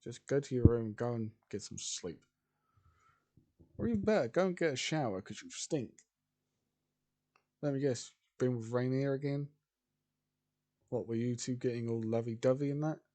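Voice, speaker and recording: A man doing a sharp-tongued, teasing mum. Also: medium pitch, animated, moderate pace, long pauses, natural voice. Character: teasing middle-aged mother, sharp-tongued.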